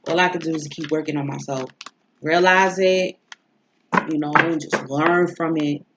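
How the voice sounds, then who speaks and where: A woman's voice: deep voice, steady tone, normal speed, highs cut off, very noisy. A woman, an astrology and tarot reader, talking in a rambling, emotional way with a stuffy nose from crying, throwing in rhetorical asides. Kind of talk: casual confessional vlog chat. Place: home.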